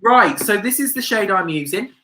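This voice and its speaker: A young woman hosting a live makeup tutorial, bubbly and excitable, chanting catchphrases to her viewers. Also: mid-range voice, normal speed, a little hiss or hum. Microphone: webcam on a livestream.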